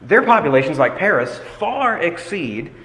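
A man's voice: fairly high pitch, very animated, fairly bright tone. Man preaching in an echoing hall. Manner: deliberate, emphatic, stretches key phrases slowly. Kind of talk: expository sermon. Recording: long hall reverb.

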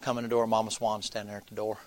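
A man's voice: lowish voice, level tone, racing, dry recording. A man, preaching by telling a folksy story and acting out the people's voices. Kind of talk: sermon storytelling.

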